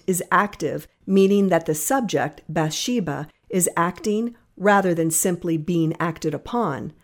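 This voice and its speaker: A woman giving a scripted reading of a commentary, measured, reading quotations aloud and marking each one. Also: fairly low pitch, a little mellow. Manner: measured, reads quotations aloud with "quote, unquote".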